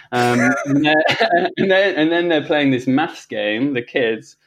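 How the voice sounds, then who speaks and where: A man, a podcast guest, telling a personal story in casual conversation, animated and reflective, often restarting his sentences and laughing. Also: medium pitch, moderate pace, a little hiss or hum.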